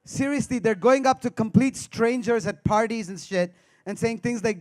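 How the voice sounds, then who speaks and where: A man's voice: extremely high pitch, normal speed. A man doing stand-up comedy on a live stage, teasing the crowd with banter. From India.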